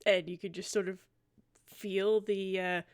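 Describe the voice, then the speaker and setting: A woman's voice: mid-range voice, level tone, measured pace, clean tone. A woman playing a tabletop game, describing her character's actions in a giggly, rambling way. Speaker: player. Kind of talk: tabletop game play, casual chat.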